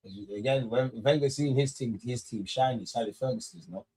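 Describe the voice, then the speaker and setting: A man's voice: medium pitch, brisk, darkish tone, husky. Slangy man in his thirties. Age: 30s. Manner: rambling, slangy banter. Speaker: watch-along streamer. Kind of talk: casual live football watch-along commentary.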